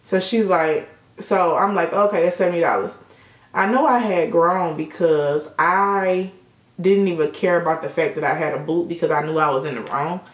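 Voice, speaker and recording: At a moderate pace, a young woman with a fairly low voice chats through a makeup tutorial, telling stories full of swearing. The beauty vlogger is in an echoey indoor room at sunset, and the sound is lo-fi.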